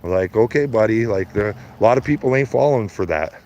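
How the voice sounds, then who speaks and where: A man's voice: fairly low pitch, expressive, brisk, darkish tone. Blunt, profane man in his fifties ranting. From Canada. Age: 50s. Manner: blunt, profane, mocking, laughs at own jokes. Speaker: live streamer. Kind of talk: ranting live stream chat. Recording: slightly dull lo-fi stream audio.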